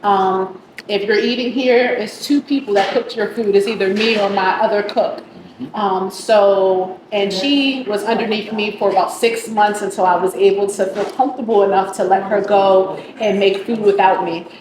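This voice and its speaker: A woman's voice: mid-range voice, steady tone, normal speed. A woman from the Bronx, a restaurant owner and cook, talking casually and proudly about her food in her restaurant, with many ums. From the Bronx, New York. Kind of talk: casual interview. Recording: echoey room with background noise.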